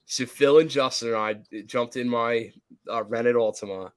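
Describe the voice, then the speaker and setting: A man's voice: medium pitch, moderate pace, clear, resonant tone. A man co-hosting a podcast, telling a rambling story in casual chat, swearing freely and acting out the people he quotes. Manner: profane, animated storyteller who acts out quotes. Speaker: podcast co-host.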